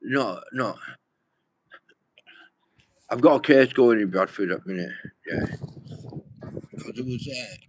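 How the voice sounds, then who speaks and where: A man's voice: medium pitch, slow, pauses often, low-quality recording. A young man, rambling and swearing as he talks straight to his livestream viewers. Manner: rambling, swears a lot, addresses viewers directly.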